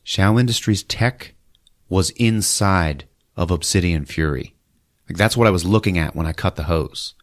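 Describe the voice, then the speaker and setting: Deep-voiced man recapping a film, animated. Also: moderate pace. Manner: animated storytelling, jumps into squeaky put-on voices for characters. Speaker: podcast host recapping a movie. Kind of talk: comic movie recap.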